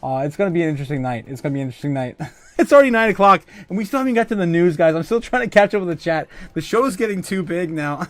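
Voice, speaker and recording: A man's voice: sits high, animated, fast, slight background noise. Giggly man hosting a livestream. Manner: rambling and jokey, laughs often. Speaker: livestream host. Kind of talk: casual livestream chat reading out viewer comments.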